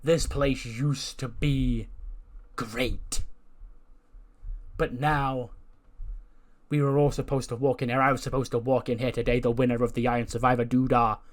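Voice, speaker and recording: A man's voice: mid-range voice, level tone, unhurried, long pauses, lightly acted. A man voicing a vain, self-absorbed female wrestling star who speaks pompously and praises others backhandedly. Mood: gloomy.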